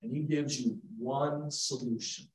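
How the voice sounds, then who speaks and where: A man preaching a sermon, swinging between hushed asides and loud emphasis. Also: medium pitch, steady tone, measured pace. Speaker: pastor. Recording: echoey room, mic from far off.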